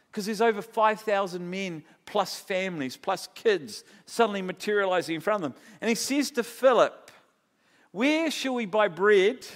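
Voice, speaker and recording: A man with a New Zealand accent preaching a sermon, telling stories with animated, acted-out dialogue. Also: sits high, in a large hall. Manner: animated storytelling, acting out quoted dialogue. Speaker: pastor.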